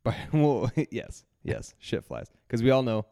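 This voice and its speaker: A podcast co-host tells a story in casual chat, rambling with restarts and laughing frequently. His medium-pitched voice is sing-song, creaky, and warm, at a measured pace, in a dry, studio-quality recording.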